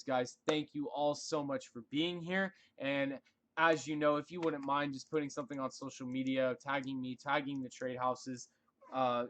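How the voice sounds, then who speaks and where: A man's voice: medium pitch, fairly bright tone. A young man hosting a live trading stream, earnestly encouraging viewers through a breathing exercise and sign-off, often calling them "guys".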